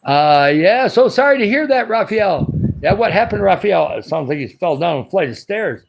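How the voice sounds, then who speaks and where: Guy doing a casual live chat, throat dry and raspy, kinda higher voice, rambles and says hi to everyone by name. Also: big pitch swings, moderate pace, slight background noise. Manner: chatty and rambling, greets viewers by name. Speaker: livestream host. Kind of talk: casual livestream chat reading viewer comments.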